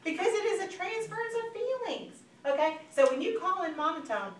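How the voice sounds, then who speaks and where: A woman, giving an animated motivational sales training talk to a live audience and acting out phone calls. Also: very high voice, a little fast. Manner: animated, acts out phone calls, addresses listeners as girl. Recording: echoey room, from a distance, faint background noise.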